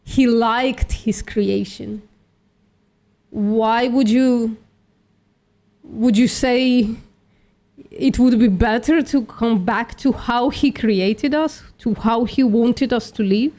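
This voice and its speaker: A woman streamer and vegan activist hosts a live stream, debating bluntly, swearing and calling people "sweetie." Her voice is on the high side, slow and dark in tone.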